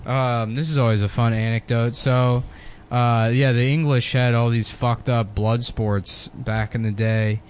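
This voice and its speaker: A man's voice: medium pitch, steady tone, unhurried, few pauses, a little hiss or hum. A man co-hosting a crude, casual podcast chat, rambling through jokes and swearing freely. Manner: rambling, joking, swears a lot. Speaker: podcast co-host.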